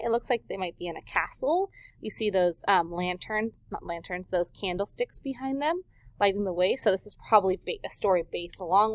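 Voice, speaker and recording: A woman teacher giving a recorded vocabulary lesson to young children, animated and full of questions, stretching words for emphasis. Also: medium pitch, dry recording.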